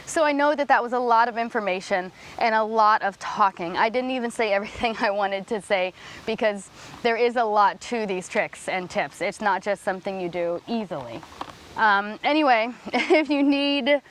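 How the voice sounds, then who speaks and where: A woman's voice: mid-range voice, moderate pace, slight background noise. A woman dog trainer explaining in a vlog, plain-spoken and patient as she walks through each tip. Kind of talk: instructional vlog.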